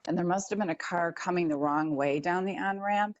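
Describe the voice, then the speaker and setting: A woman guest telling personal stories in an animated way, acting out the voices she quotes. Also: fairly low pitch, a little fast, lo-fi sound. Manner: animated, acts out quoted voices, laughs often. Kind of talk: personal storytelling.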